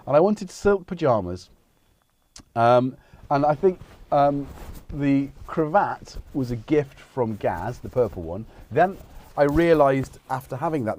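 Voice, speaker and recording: A man's voice: medium pitch, a little mellow, no echo. A middle-aged man hosting a livestream, rambling in casual chat and breaking off mid-sentence. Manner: chatty, meandering, self-interrupting. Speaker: livestream host. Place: home studio.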